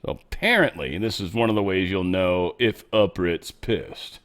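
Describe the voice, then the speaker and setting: A man hosting a casual commentary show, joking and sarcastic, swinging between loud bursts and low mutters. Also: moderate pace. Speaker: show host.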